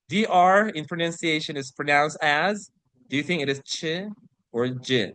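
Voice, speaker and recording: A man leads a vocabulary lesson in a slightly higher-than-average voice. He explains each word, reads example sentences and passages at a careful pace, and keeps asking "right?" to check on his listeners. The sound is dry and close. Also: fairly bright tone, clear, resonant tone, no echo. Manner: slows to read example sentences and passages aloud. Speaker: vocabulary teacher. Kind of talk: online English vocabulary lesson.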